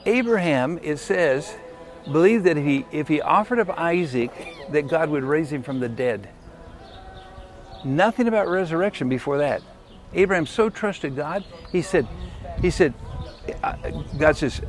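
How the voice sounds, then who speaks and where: A man's voice: fairly high pitch, animated, normal speed. A man preaching a sermon in a folksy, emphatic way, often putting questions to the congregation.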